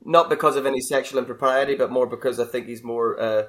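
A man's voice: medium pitch, fairly even intonation, fast talker, a bit bright. A man talks casually about his acting role in an interview. He is easygoing and chatty, with a mid-range voice. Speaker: actor.

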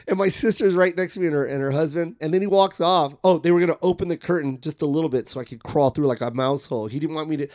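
Animated male comic telling stories. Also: fast talker, hardly any pauses. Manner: acts out other people's voices, loud and high when imitating. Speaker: comedian guest. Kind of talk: animated storytelling.

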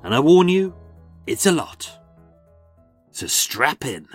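A man with a Birmingham accent narrating a true-crime walking tour as its host, sardonic and sweary, with dramatic pauses. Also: fairly high pitch, very animated, breathy edge, faint music behind. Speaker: podcast host and tour guide.

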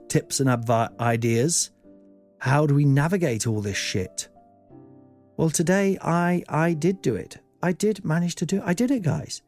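A man's voice: medium pitch, darkish tone. A middle-aged man and comedian hosting a podcast, telling a rambling, self-deprecating comic monologue full of swearing.

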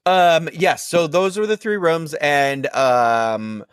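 A man's voice: on the high side, slow, clear, resonant tone, dry recording, clean studio sound. A man co-hosting a podcast, telling a story in a casual chat with lots of fillers. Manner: rambling, filler-heavy storytelling. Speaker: podcast co-host.

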